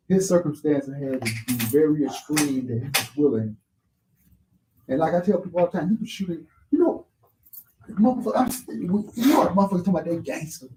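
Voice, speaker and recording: A man's voice: on the high side, background noise. Profane, blunt man telling a story. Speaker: podcast guest telling a personal story. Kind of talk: casual storytelling chat. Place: live podcast studio.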